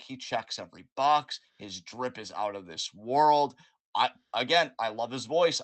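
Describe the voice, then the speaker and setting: Bright, animated male podcast host. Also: mid-range voice, no room sound. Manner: animated, profane, acts out imagined dialogue. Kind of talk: casual chat.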